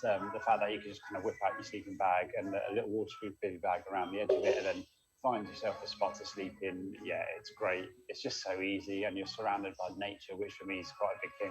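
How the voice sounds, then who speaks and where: A man, a long-distance cyclist, chatting upbeat and quickly in a casual interview over a phone call. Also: sits low, little pitch movement.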